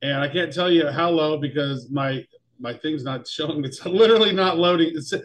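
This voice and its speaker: A man's voice: fairly high pitch, moderate pace. A man co-hosting a casual crypto podcast, playful and rambling as he reads off the weekly winners. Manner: playful, rambling, self-mocking. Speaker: podcast co-host.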